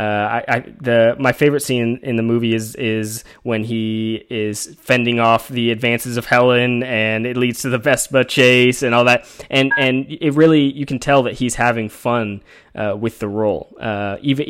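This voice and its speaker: A man with a middle-pitched voice hosts an interview. He sounds enthusiastic and casual, filling his questions with ums and repeated starts. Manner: enthusiastic, halting with fillers. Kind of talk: conversational interview.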